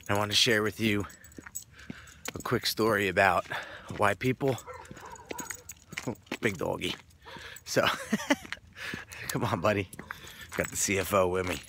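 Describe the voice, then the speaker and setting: A man's voice: on the low side, steady tone, unhurried, long pauses, background noise. A man casually telling a personal story to camera, earnest, often repeating words as he searches for them. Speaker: motivational vlogger.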